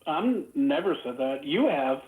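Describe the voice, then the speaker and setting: A man's voice: on the high side, big pitch swings, unhurried, narrow, tinny audio. Sarcastic man in an echoey voice chat. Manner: sarcastic, defensive. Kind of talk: casual online voice-room debate.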